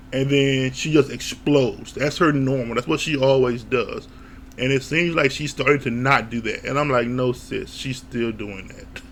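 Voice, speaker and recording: A man giving a casual, opinionated recap of a reality show, blunt and quick to laugh or swear. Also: medium pitch, gravelly, a bit bright, slight background noise.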